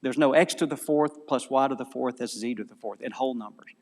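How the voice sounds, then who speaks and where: A man with a Southern American accent giving an animated, digressive conference lecture, often correcting himself mid-sentence. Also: medium pitch, a little fast. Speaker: conference speaker. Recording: long hall reverb.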